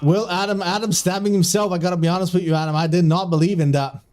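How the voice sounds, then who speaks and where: High-voiced man giggling through game commentary. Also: steady tone, fast talker, darkish tone. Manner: keeps breaking into giggling fits while commentating; trips over his words and restarts when flustered. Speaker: streamer casting a community game tournament. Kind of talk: live video game commentary.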